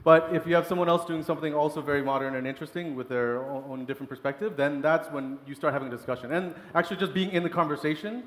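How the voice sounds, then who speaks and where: A man, a chef, talking casually and quickly in an interview with laughing asides. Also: fairly high pitch. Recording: echoey room with long reverb.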